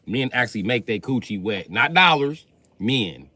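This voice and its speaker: A man's voice: lively intonation, normal speed, pushed and bright, breathy edge, no room sound, low-quality recording. A man ranting in a crude joking way on a live stream from a car. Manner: crude, joking, swings up and down in pitch. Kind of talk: rambling live-stream rant.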